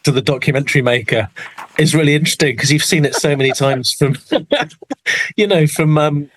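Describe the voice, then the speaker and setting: A man's voice: fairly high pitch, moderate pace, slight background noise, poor audio. An English man, an actor being interviewed, talking in a rambling, self-deprecating way with lots of restarts. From England. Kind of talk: casual interview chat.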